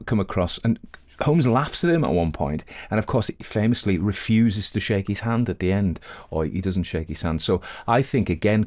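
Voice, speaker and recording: A man's voice: low-pitched, a little mellow. A man talking casually about a story he read aloud, thinking aloud with frequent fillers and restarts. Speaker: audiobook reader discussing the story. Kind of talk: casual spoken commentary.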